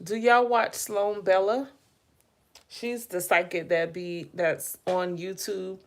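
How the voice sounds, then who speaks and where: A woman's voice: medium pitch, steady tone, takes it slowly. A woman hosting a casual livestream, chatting about celebrity news, musing aloud and addressing her viewers directly. She keeps yawning and sounds tired. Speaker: livestream host. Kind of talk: casual live gossip commentary.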